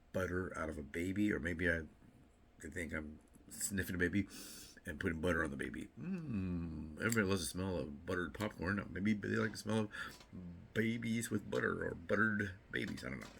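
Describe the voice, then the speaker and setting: A man's voice: sits low, creaky, fairly bright tone, a little hiss or hum. A man vlogging in a casual, rambling way, repeating himself and tossing in joking asides. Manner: rambling, chatty, self-interrupting with repeats and fillers. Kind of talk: casual morning vlog chat.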